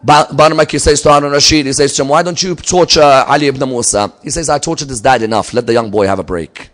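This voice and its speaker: A man giving a religious lecture, telling a story and swinging from loud emphatic peaks to low, quiet asides. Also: fast. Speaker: Islamic lecturer.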